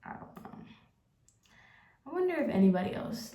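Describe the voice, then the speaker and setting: A young woman talks straight to the camera in a loose, confessional ramble, leaning on "like" again and again. Her voice sits at an ordinary middle pitch, and the room around her rings with a noticeable echo. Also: expressive, normal speed. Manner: rambling, candid, heavy use of "like". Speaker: vlogger. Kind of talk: casual confessional chat. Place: at home, getting ready on camera. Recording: roomy echo.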